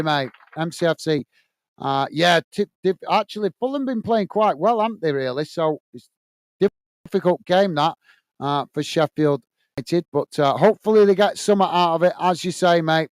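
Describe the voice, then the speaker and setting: A man hosts a casual live stream and reads viewer comments aloud, with lots of friendly uhs. His voice sits high and comes across smooth and clean. The sound is dry and close. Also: dry recording. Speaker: host reading live chat.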